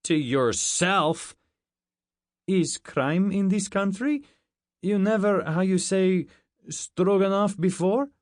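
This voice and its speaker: A blustering, bawdy Russian man with a thick Russian accent and broken English, as a male narrator puts him on. The voice sits higher and pushes louder than the reader's own. Dry, close studio sound. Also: slow pace, dry recording. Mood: brash. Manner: heavy accent, dropped articles, bawdy.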